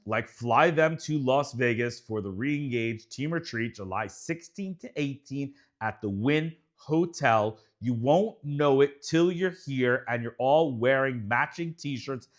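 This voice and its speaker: A man's voice: medium pitch, lively intonation, measured pace, hardly any pauses. A man co-hosting a casual podcast, blunt and emphatic, swearing freely. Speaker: podcast co-host, dentist.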